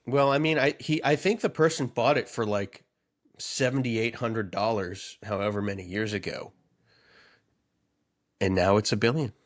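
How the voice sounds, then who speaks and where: A man's voice: on the low side, fairly even intonation, moderate pace. Guy with a stuffy nose, nasal voice, goofing around on a podcast. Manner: playful, riffing on wordplay. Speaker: podcast co-host. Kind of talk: casual comedy chat.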